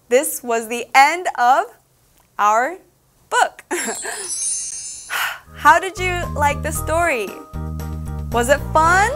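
A woman reading a children's storybook aloud as a lesson, switching between English and Korean, playful and full of questions to the listener. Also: high voice. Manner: playful, asks the listener questions, laughs often.

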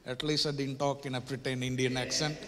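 A man's voice: medium pitch, little pitch movement, fairly quick, noisy background. A man speaks to a church audience on a handheld mic, his voice in the middle range for a man. He is chatty and playful, then leans into emphatic, preacher-like declarations, often tossing in tag questions. The sound carries a long reverb from the church auditorium. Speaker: guest workshop speaker at a church. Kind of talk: conversational church workshop talk.

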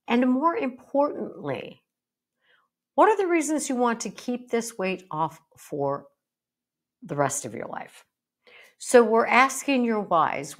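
A middle-aged woman hosting a solo podcast, speaking emphatically with a playful, animated delivery. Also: medium pitch. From United States. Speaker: podcast host and bariatric psychologist.

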